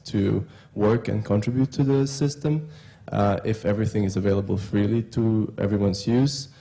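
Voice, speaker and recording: Low gravelly guy asking a question from the audience, lots of ums. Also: dark tone. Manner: hesitant, with fillers. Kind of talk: conference Q&A.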